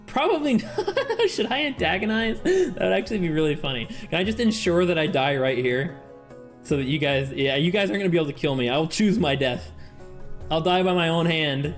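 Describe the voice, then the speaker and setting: A man streaming a strategy game, excitable and laughing as he reads the game text aloud and reacts. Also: high-pitched, moderate pace, faint music behind. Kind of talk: game-playing commentary.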